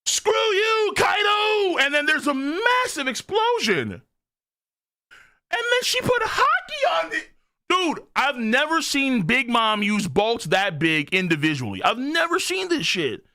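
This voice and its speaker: Excitable, swearing streamer guy. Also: very high voice, measured pace. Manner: excitable, loud outbursts, frequent swearing. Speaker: streamer reacting to a manga chapter. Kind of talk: live reaction stream, casual chat to viewers.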